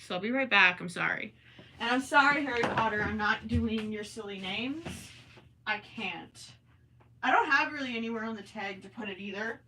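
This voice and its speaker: A woman's voice: on the high side, moderate pace, background noise. A woman with a Minnesotan accent hosting a casual livestream from home, chatting with viewers, reading their comments and often apologizing with a self-deprecating tone. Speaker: livestream host. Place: home, indoors.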